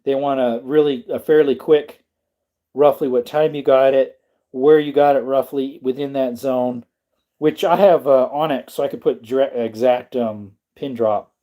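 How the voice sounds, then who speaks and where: A man's voice: mid-range voice, steady tone, moderate pace, warm tone. A man hosting a casual livestream, rambling and answering his chat as he talks. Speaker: livestream host.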